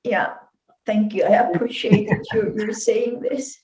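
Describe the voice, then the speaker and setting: A woman hosting a podcast interview, speaking softly and gently, moved to tears. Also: mid-range voice, reverberant. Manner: warm, tearful, slow and soft. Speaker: podcast host.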